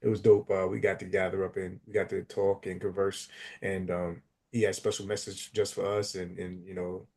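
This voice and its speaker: A man chatting casually on a livestream, telling stories in an animated, slangy way. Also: low voice, fairly quick. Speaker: community member on a livestream. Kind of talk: casual chat.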